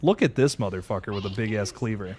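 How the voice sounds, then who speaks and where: A man hosting a horror game let's play, talking to viewers as he plays, jumpy and excitable, swearing when startled. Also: fairly low pitch, fast talker, background noise. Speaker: gaming channel host.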